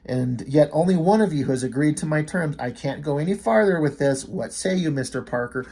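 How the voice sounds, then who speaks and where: A man's voice: on the high side, animated, a little mellow, husky. A man reading as a smug scheming demon lord. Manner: formal, measured, taunting.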